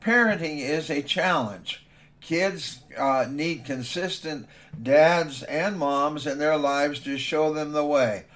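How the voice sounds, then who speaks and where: A man's voice: fairly high pitch, slow, fairly bright tone. Man preaching in a storytelling way. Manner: conversational storytelling. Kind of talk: sermon with humorous story.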